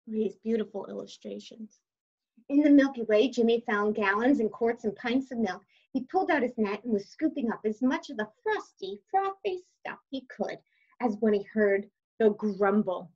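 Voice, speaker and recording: A woman reading a picture book aloud to children, pausing to ask them questions and gently encouraging their answers. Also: on the high side, lively intonation, breathy edge. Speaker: storybook reader to children. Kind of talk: interactive read-aloud storytime. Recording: slightly dull lo-fi recording.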